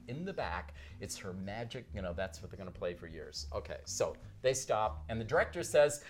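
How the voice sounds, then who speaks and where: A man, a guest author, telling an anecdote in a lively, animated way, acting out the quotes. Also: on the low side, moderate pace, hardly any pauses, a little hiss or hum.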